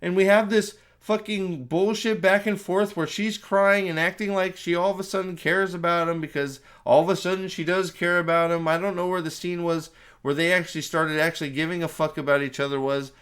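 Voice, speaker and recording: A man's voice: high voice, fairly even intonation, a little fast, fairly bright tone, clean tone. A man giving a ranting spoiler review of a movie, sarcastic and exasperated, full of swearing, rambling and restarting his sentences.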